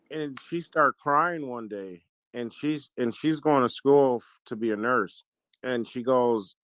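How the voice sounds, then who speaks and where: A man's voice: medium pitch, unhurried, a bit bright, dry recording. A man telling a personal family story in an earnest way, often stopping and restarting as he talks. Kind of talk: casual conversation, personal story.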